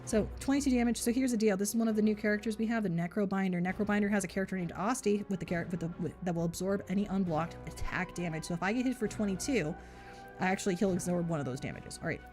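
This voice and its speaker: A woman's voice: mid-range voice, quick pace, a little mellow, soft background music. A woman streaming a game live, chatting casually in a joking, rambling, mock-boastful way.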